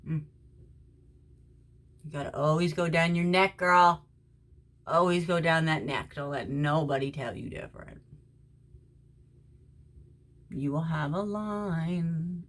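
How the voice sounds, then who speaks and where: A low-pitched middle-aged woman talks her way through a makeup routine at home. Her chat is loose and friendly, aimed at a friend, and now and then it sinks into a hushed whisper. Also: takes it slowly, pauses often. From Florida. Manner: chatty, talks to a friend while doing makeup, drops to soft whispers at times. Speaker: makeup vlogger. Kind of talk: casual makeup tutorial chat. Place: at home during quarantine.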